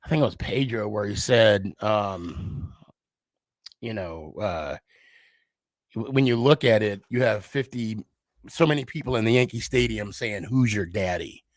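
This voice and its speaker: A man with a lowish voice speaks unhurriedly on a dry recording. Hosting a podcast, he tells a casual, rambling, profane story as a frustrated sports fan who pokes fun at himself.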